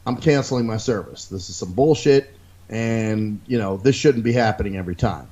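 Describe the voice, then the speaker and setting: A man's voice: on the low side, normal speed, dull audio. A man hosting a podcast, telling a long profane rant in casual chat and acting out the people he quotes. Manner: animated storytelling, mimics people he quotes. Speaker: podcast host.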